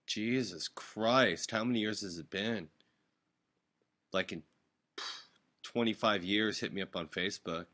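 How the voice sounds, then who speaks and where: Older male host, loose and rambling, bright tense voice, video-call stream chat. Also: lowish voice. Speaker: show host. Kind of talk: casual chat.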